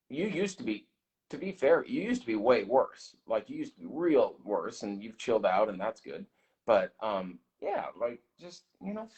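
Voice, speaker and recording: A man's voice: medium pitch, a little mellow. A man talking as a guest on a radio show, earnest and reflective, often restarting his sentences as he explains how he feels. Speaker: guest, host's twin brother. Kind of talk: casual radio chat.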